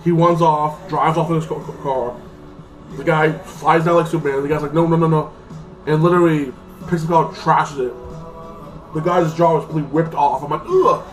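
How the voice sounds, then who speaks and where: A man's voice: a little high, steady tone, fairly quick. Rambling man reviewing a movie. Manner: rambling, full of "like", acts out characters. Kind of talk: casual spoken movie review. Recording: voice a bit far from the mic, faint music behind.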